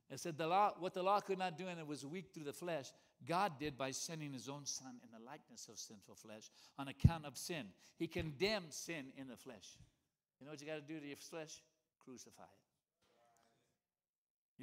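With a mid-range voice, this man delivers a sermon that shifts from loud, emphatic lines to near-whispers, peppered with rhythmic catchphrases and repeated cries of "come on."

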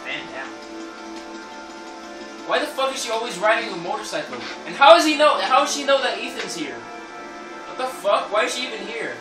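A man commentating on gameplay, cursing loudly and laughing with frequent outbursts. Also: very high voice, big pitch swings, brisk, distant mic. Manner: profane, loud outbursts, laughing. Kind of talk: let's play commentary. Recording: echoey room, game music behind.

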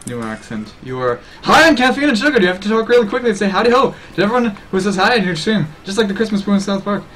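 A man's voice: sits high, rapid-fire, a bit bright, a little hiss or hum. Rambling young male streamer, sore throat. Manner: rambling, repeats fillers. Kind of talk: casual livestream chat.

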